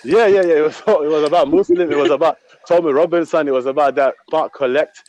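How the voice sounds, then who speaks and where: A man's voice: fairly high pitch, fast talker, a little mellow, no room sound. Heated man pressing his questions. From Somaliland. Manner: insistent, repeats his questions. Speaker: panelist on a live call-in stream. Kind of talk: heated debate.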